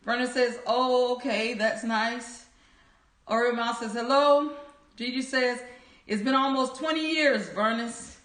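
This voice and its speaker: In an echoey room, a woman hosts a livestream, cheerfully greeting viewers by name and reading their chat comments aloud. Her voice is a little high and a bit bright, with fairly even intonation and a slightly slow delivery. She comes across as upbeat and cheering.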